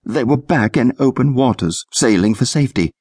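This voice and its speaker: A man narrating a children's adventure audiobook in an expressive storytelling manner. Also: mid-range voice, moderate pace, husky, no room sound, clean studio sound.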